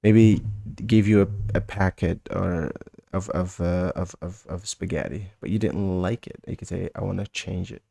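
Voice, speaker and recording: A man with a Mauritanian accent giving a casual spoken language lesson, often halting and repeating words and phrases slowly for learners. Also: sits low, creaky, mellow. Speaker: language teacher.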